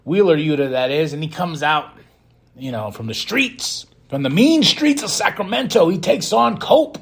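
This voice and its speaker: A man hosting a podcast, giving a casual, excitable and rambling recap of a wrestling show, often breaking into laughs. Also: on the high side, moderate pace, gravelly, slightly rough. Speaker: podcast host.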